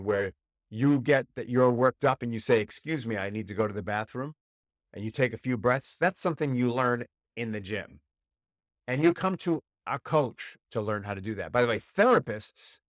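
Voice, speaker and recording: Male podcast host, dry storytelling voice. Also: no room sound. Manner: storytelling, acts out quoted inner voices with sudden high pitch jumps. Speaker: podcast host and relationship coach. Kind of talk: solo podcast monologue.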